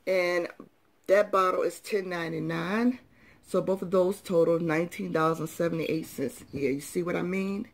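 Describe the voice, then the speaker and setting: A woman's voice: lowish voice, steady tone, normal speed, creaky. Groggy-voiced woman in a chatty haul vlog. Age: adult parent of young children. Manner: chatty, addresses viewers as y'all and subbies. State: groggy early-morning voice. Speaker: couponing vlogger.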